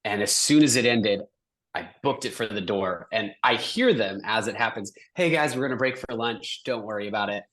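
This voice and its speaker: A man with a fairly low voice tells a story on a podcast in an easy, self-deprecating way. He acts out what he said, rising into higher, sheepish voices. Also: normal speed, fairly bright tone. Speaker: podcast co-host. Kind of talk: casual chat.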